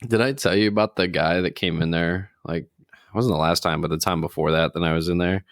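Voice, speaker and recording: A man's voice: low-pitched, steady tone, a little fast, dry recording. A man co-hosting a casual chat, telling an anecdote and laughing often. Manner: storytelling, laughs often, acts out voices in anecdotes. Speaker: podcast co-host.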